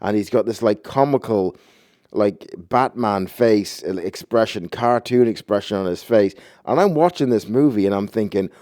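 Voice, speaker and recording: A man's voice: lowish voice, normal speed, a little mellow, dry recording, studio quality. A man ranting about a movie in a profane, agitated, rambling way.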